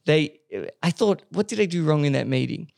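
A man hosts a casual podcast and talks in bursts, cursing and breaking off mid-sentence. His voice sits a little high and has a gravelly rasp underneath. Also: moderate pace. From Australia. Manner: animated storyteller, swears freely, trails off and restarts. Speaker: podcast host.

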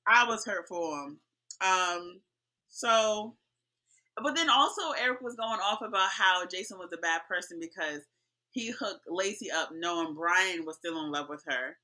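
Lively, bright-voiced woman chatting. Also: on the low side, unhurried. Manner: animated, playful, slangy. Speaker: podcast co-host. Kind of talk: casual chat recapping a reality show.

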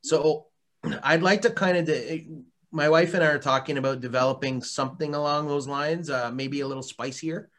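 A man's voice: on the high side, normal speed, fairly bright tone. A man being interviewed as a guest, talking casually and rambling, with lots of restarts and easy laughter. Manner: rambling, many fillers and restarts, laughs often. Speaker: interview guest, hot sauce maker.

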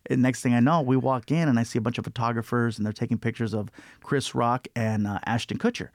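A man telling a story as a guest comedian in an interview, animated and acting out other people's voices. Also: medium pitch, fast, dry recording, studio quality. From California.

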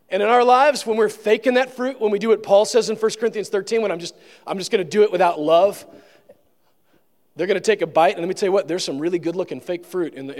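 A male pastor giving a sermon in a conversational manner, with joking asides. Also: sits high. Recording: long reverb of a large room.

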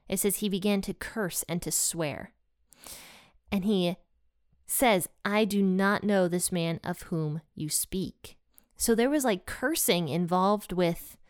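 A woman's voice: mid-range voice, clear, resonant tone, dry recording. Woman from Ohio, casual Bible study teacher, chatty storyteller, clean dry close-mic sound. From Ohio, USA.

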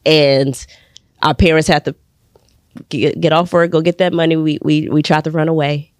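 A young woman from Texas, a podcast guest and actress, telling a personal story in an animated way and acting out other people's voices with sudden high jumps. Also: normal speed, no room sound, studio quality. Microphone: studio podcast mic.

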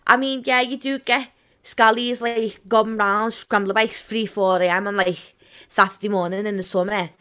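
A woman's voice: mid-range voice, steady tone, normal speed, a bit bright. A woman chatting casually, rambling along with fillers and asides. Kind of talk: casual chat about her city.

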